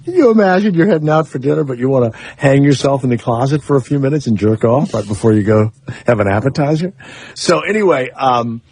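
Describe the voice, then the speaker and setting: Husky, lively male radio host. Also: medium pitch, fast talker, dry recording. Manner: loose, rambling and crude, with trailing fillers and restarts. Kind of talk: casual on-air banter.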